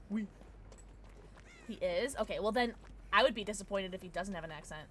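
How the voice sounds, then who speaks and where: A woman streaming a game and chatting casually with her viewers, excitable and quick to thank them. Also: mid-range voice, breathy edge. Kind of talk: casual livestream chat while gaming.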